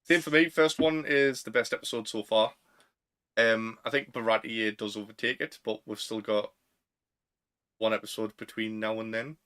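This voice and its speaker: A man's voice: fairly low pitch, steady tone, moderate pace, a bit bright. A man with a Northern English accent, co-hosting a casual podcast chat, who talks in slang and laughs often. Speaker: podcast co-host.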